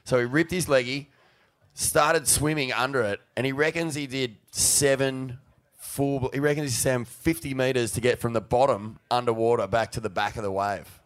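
A man hosting a casual chat and asking relaxed, curious questions. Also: mid-range voice, normal speed.

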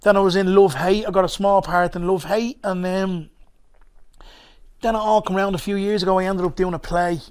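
High-voiced Dublin man, frank rambling. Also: steady tone, moderate pace, a little mellow, smooth. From Ireland. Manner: rambling, frank, peppered with "do you know what I mean". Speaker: guest, actor and comedian. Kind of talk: casual storytelling chat.

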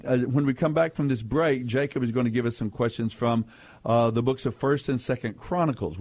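Laid-back guy hosting a call-in radio quiz, chatty, lots of uhs. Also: medium pitch. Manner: relaxed, chatty, with fillers and chuckles. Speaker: radio quiz show host. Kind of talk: casual radio call-in talk.

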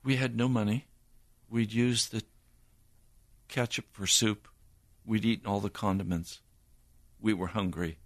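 An older man, a preacher, giving an earnest personal testimony in a slow storytelling manner. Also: lowish voice, fairly even intonation, no room sound.

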